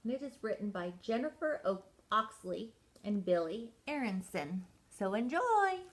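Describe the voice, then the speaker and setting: An older woman, a grandmother, reading a picture book aloud in a gentle, unhurried way. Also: mid-range voice, expressive. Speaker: storyteller grandmother. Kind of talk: storybook read-aloud.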